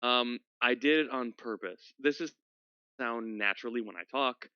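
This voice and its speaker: A man's voice: medium pitch, moderate pace, clear, resonant tone, highs cut off. A man from Minnesota chatting casually with fellow tabletop players, rambling and poking fun at himself. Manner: rambling, self-deprecating. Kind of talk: casual chat among gamers.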